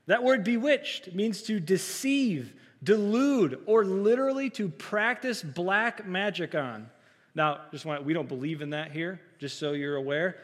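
A soft-spoken male pastor with a somewhat high voice, pushing himself to project as he preaches. He keeps turning to the congregation with questions and gives loud, emphatic readings of quoted lines. His voice rings with a long reverb from the church hall. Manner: self-described soft-spoken, trying to project. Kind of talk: sermon. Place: church sanctuary.

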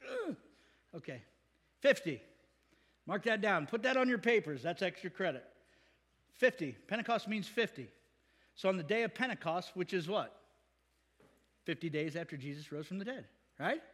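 Male pastor, high voice, lively casual preaching, long hall reverb. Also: moderate pace, pauses often, slightly rough. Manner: animated, conversational, acts out quotes. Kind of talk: sermon.

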